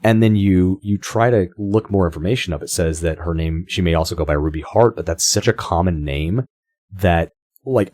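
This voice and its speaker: Deep-voiced man chatting on a podcast. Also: a little mellow, dry recording, clean studio sound. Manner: chatty, swears casually, stumbles and restarts. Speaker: podcast co-host. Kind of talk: casual podcast chat.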